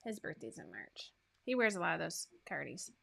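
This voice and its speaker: A woman's voice: sits low, big pitch swings, normal speed, vocal fry, bright, forceful tone, slightly rough. A woman hosting a sewing pattern livestream in a casual, chatty way, reading out winners with asides. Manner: chatty, asides and fillers between list items.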